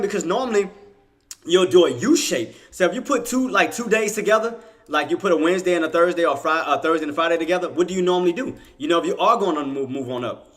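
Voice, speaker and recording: A man hosting a live trading stream, chatting casually with viewers and bragging that his market call came true. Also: high-pitched. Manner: animated, bragging, laughs often, talks to chat. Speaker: trading livestream host.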